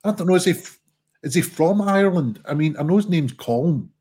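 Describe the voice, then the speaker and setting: Guy cohosting a stream, husky voice, rambling sweary jokes. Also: a little high, animated, brisk, a little mellow. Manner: jokey, sweary, rambling banter. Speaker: livestream co-host. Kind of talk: casual stream chat.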